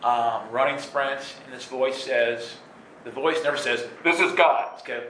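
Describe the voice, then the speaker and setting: A man telling stories from his life in an animated way, laughing and acting out voices. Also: medium pitch, a little slow, a little hiss or hum. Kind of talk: storytelling talk. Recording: echoey room with faint ambience.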